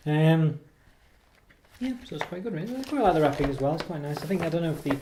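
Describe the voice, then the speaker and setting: A man chats through a chocolate review at a relaxed, meandering pace. His talk is loose and hesitant, with plenty of ums, restarts and self-mocking asides. The recording carries a clear hiss of background noise and the odd click. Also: fairly high pitch, fast. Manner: rambling and hesitant, with many ums and self-corrections; self-deprecating. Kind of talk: casual product review.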